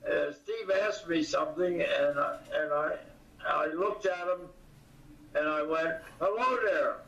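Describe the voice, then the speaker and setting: Older guy rambling slow with lots of uhs, kinda high gravelly voice, far off echoey room. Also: steady tone, fairly bright tone. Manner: halting, many pauses and fillers. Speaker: comedian guest. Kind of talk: casual interview. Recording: distant, echoey, dull audio.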